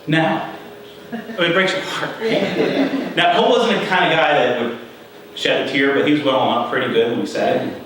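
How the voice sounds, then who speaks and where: A middle-aged man speaking at a conference, chatty and animated as he tells his story. His voice sits at an ordinary pitch. The very echoey hall and his distance from the mic make him sound far off, over a faint room hum. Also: normal speed. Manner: conversational, animated retelling with quoted voices. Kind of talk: storytelling talk.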